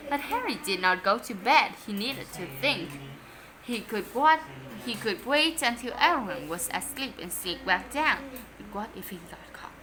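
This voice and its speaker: A woman, a native Vietnamese speaker, reading a children's story aloud in an expressive, unhurried way. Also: medium pitch, a little hiss or hum, poor audio.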